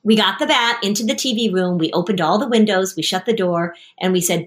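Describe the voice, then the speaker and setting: A woman hosting as a parenting coach, guiding a mother and child with animated stories and acted-out quotes. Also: medium pitch, quick pace, hardly any pauses. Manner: animated storytelling, acting out quoted voices. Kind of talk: coaching conversation.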